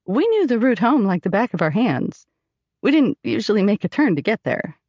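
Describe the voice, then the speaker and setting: A woman narrating an audiobook in first person, expressive and storytelling. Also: medium pitch, normal speed, no echo, highs cut off.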